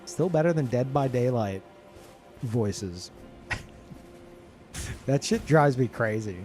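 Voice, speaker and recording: Excitable, swearing male game streamer. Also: mid-range voice, slow pace, soft background music. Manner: excitable, swears freely, laughs often; talks to chat. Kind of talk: casual live gameplay commentary.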